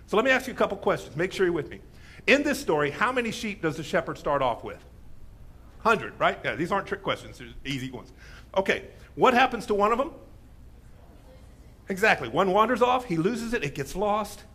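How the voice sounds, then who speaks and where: Lively, high-pitched man preaching. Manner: animated storytelling, acts out quoted speakers, asks the room questions. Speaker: pastor. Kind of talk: sermon. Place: church sanctuary.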